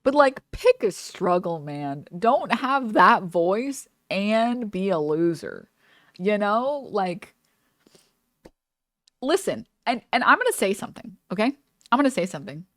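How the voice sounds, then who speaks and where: A woman's voice: mid-range voice, very animated, a little slow, a bit bright, no room sound, clean studio sound. A woman streamer chatting casually while reacting to a video, rambling with many fillers and restarts. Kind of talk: casual live-stream chat.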